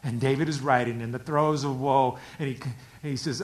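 A pastor preaching a sermon, dropping to hushed whispers and rising to loud, emphatic preaching. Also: male voice, medium pitch, fairly even intonation, a little fast, hardly any pauses.

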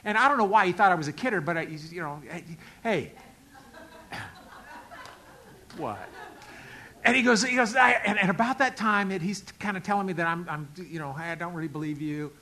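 Bright-voiced animated male preacher. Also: high-pitched, a little fast, long pauses, rough recording. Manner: animated, acts out dialogue with big swings in loudness. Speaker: pastor. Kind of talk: sermon storytelling.

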